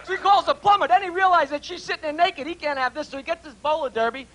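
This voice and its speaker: A man's voice: very high voice, fast talker, a bit bright. A man on a club stage firing off dirty jokes, chuckling at his own punchlines. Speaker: stand-up comedian. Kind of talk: rapid-fire dirty jokes.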